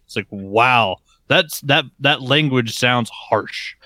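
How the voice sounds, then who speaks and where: A man's voice: mid-range voice, slow, pushed and bright, no echo. A man co-hosting a podcast, telling a laid-back story and swearing casually. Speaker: podcast co-host.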